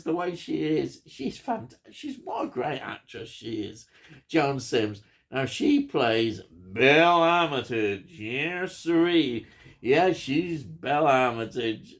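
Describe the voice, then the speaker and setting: A man giving a casual, enthusiastic spoken film review, with frequent ums and chuckles. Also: mid-range voice.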